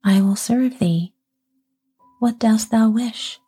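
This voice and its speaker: A woman's voice: a little high, takes it slowly, dark tone, husky, faint music behind, full character voice. A woman whispering the lines of a brave, courteous young prince in an old-fashioned courtly way, as whispered role-play. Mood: fearful.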